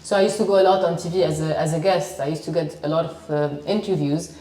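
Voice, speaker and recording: A middle-aged sports presenter with a Lebanese accent confidently tells her life story in an interview. Her low, mellow voice is fast with fairly even intonation, and the recording sounds echoey, with the mic at a distance.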